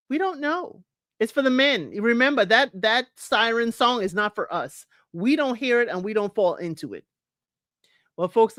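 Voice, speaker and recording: A woman's voice: mid-range voice, a bit bright, dry recording, studio quality. A woman hosting a casual live show, reading viewer comments aloud and chatting with frequent laughter. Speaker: podcast host reading live chat. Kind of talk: casual live recap chat.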